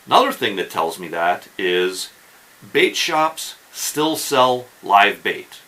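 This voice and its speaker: A man's voice: on the low side, very animated, slow pace, pushed and bright, poor audio. A man hosting a fishing channel, explaining tips in a casual instructional talk and often checking in with the viewer. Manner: chatty, keeps checking in with "okay?" and "right?".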